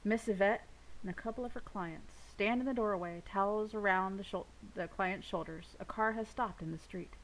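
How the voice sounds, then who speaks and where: A woman reading a novel aloud with steady first-person narration. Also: mid-range voice, moderate pace, poor audio. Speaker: audiobook reader.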